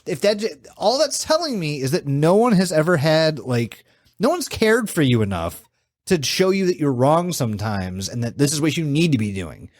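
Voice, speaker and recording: A young man in casual podcast chat, swearing freely as he tells a story and plays out the voices of the people in it. His pitch swings up and down a lot, and the sound is dry and close. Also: moderate pace, dry recording. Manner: profane, animated storyteller acting out voices. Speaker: podcast co-host.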